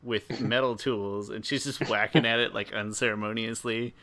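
A man co-hosting a casual podcast, ranting frankly about a cartoon character, sarcastic and quick to apologize. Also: on the low side, fairly even intonation, sharp tone. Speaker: podcast co-host. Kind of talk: casual recap chat.

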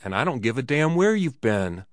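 A man's voice: mid-range voice, sing-song, moderate pace, no room sound, studio quality, lightly acted. A man voicing the innkeeper's sullen young son, defensive and aggrieved, in a story reading. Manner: defensive, aggrieved, crude speech.

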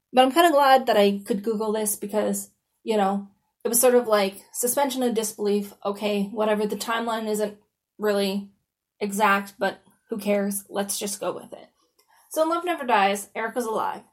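A woman hosts a podcast on her own in a loose, conversational way. She keeps dropping in "you know" and "like", and she swears casually as she goes. Her voice sits at a middling pitch for a woman. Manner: chatty and informal, lots of "you know" and "like", swears freely. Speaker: podcast host.

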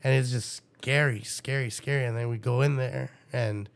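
A young man, a father, telling a story in a casual interview, profane and animated. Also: mid-range voice, moderate pace, vocal fry. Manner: profane, animated, acts out his own past dialogue.

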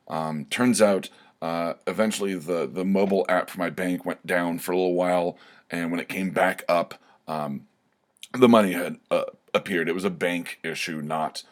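A man with a very low, deep voice talks through a casual solo podcast update. He rambles, circles back and fills gaps with ums and you-knows, keeping an easygoing, chatty flow. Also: fairly even intonation, normal speed. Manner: rambling, many fillers and restarts. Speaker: podcast host.

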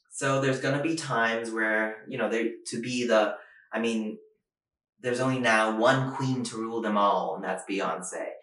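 A man's voice: on the low side, bright, forceful tone, distant mic. A young man from Asia performing a self-mocking stand-up comedy monologue, acting out his lines in raised voices. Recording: echoey room.

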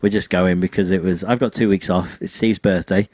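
A man co-hosting a podcast in casual chat, rambling and halting with restarts. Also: deep voice, steady tone, a little mellow, dry recording. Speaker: podcast co-host.

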